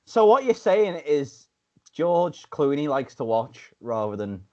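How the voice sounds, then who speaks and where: Male co-host, crude blunt banter, slightly high voice, dull recording. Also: big pitch swings, unhurried. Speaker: podcast co-host. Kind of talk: casual chat. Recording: dull podcast mic.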